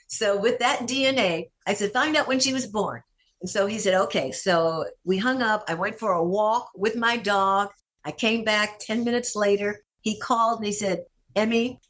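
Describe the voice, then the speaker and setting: A woman's voice: mid-range voice, a bit bright. Older woman, podcast guest, personal storytelling, emotional, repeats phrases. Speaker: guest actress.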